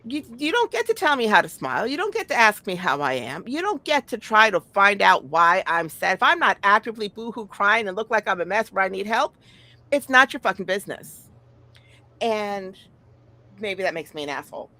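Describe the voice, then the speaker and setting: Middle-aged woman, gravelly mid-pitched voice, blunt and profane, sighs a lot, casual chat. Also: sing-song, a little fast, bright, forceful tone, no echo.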